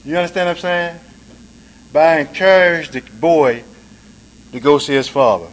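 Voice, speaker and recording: At normal speed, a man gives a personal recovery testimony at a meeting, conversational and full of "man," "right?" and "you dig?" He moves from hushed, low moments to louder, emphatic ones; the audio quality is poor.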